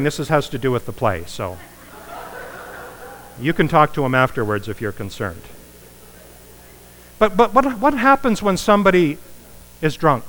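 A man preaching a sermon as pastor, animated, repeating his words and rising in pitch on the points he stresses. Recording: long reverb of a church hall.

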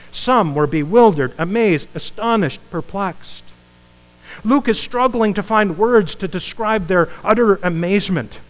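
A man preaching a sermon as pastor, animated, repeating his words and rising in pitch on the points he stresses. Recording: long reverb of a church hall.

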